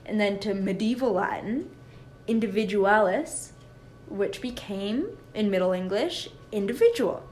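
A woman's voice: mid-range voice, expressive, normal speed, hardly any pauses, a little mellow, faint music behind. A woman co-hosting a podcast in casual chat, often laughing at herself and correcting her slips. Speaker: podcast co-host.

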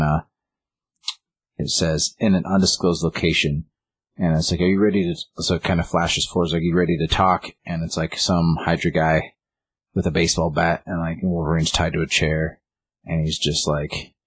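A man's voice: a bass voice, husky, no echo. A man casually recapping a comic book story on a podcast, rambling with lots of fillers and restarts. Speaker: podcast co-host.

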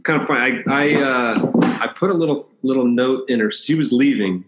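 A man in his fifties tells a personal story as a guest on a talk show. He rambles and corrects himself as he goes, keeping an easy, animated storyteller's flow. His voice sits at a middle pitch and carries a noticeable roomy echo. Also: moderate pace. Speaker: podcast guest. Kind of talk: storytelling in conversation.

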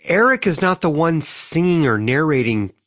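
A man's voice: on the high side, big pitch swings, moderate pace, fairly bright tone, no room sound, clean studio sound. A man co-hosting a podcast, crude and joking in casual banter. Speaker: podcast co-host.

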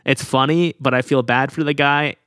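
A man hosting a podcast, chatting in an animated way and telling amused stories. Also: mid-range voice, normal speed, clean tone, no echo, studio quality. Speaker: podcast host. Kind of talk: casual podcast chat.

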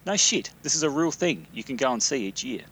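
A man's voice: mid-range voice, very animated, brisk, a bit bright, breathy edge. An Australian man from South Australia reading out his own spooky hometown story, with casual, dry asides. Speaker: listener sending a recorded story. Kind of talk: reading a written story aloud.

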